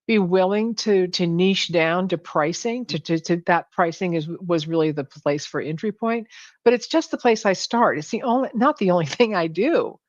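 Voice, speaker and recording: Woman guest, animated coach who restarts her sentences a lot, heard dry and lo-fi over a call. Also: fairly low pitch, moderate pace, no echo. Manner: animated, many restarts and self-corrections. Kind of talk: conversational interview. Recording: dull lo-fi sound, dry.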